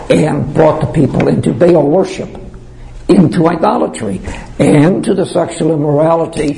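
A pastor with a somewhat high, mellow voice teaches scripture verse by verse. He leans hard on key words and slows down to drive them home. He clears his throat now and then between points. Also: poor audio.

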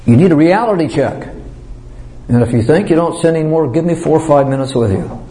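A pastor with a somewhat high, mellow voice teaches scripture verse by verse. He leans hard on key words and slows down to drive them home. He clears his throat now and then between points. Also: expressive, low-quality recording.

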